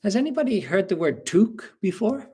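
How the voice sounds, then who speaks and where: A man with an Irish accent teaching English in a webinar, explaining words slowly and patiently with examples. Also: sits high, big pitch swings, dark tone, husky. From Ireland. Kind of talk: webinar lesson.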